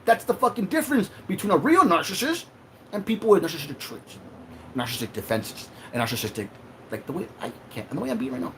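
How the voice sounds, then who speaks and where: A man's voice: on the high side, animated, fast, fairly bright tone, a little hiss or hum. A man hosting a livestream, talking in an emotional, profane and confrontational way. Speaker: livestream host. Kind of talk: heated livestream rant.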